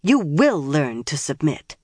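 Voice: medium pitch, big pitch swings, slow, darkish tone, no echo. A narrator voicing a cruel, mocking woman sorceress who taunts her captives in oddly clipped phrasing, in a dry recording. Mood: contemptuous.

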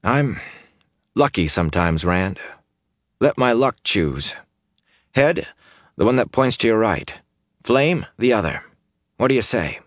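A man's voice: on the low side, sing-song, takes it slowly, long pauses, no echo, studio quality, voice pushed up, exaggerated voice. A man voicing a nervous, wry young man who grumbles and coaxes. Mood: coaxing.

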